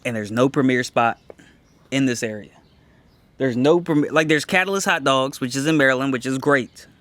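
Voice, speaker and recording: A comedian co-hosting a podcast in casual chat, talking candidly and boastfully in quick restarts and swearing freely. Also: male voice, medium pitch, a bit bright, no echo.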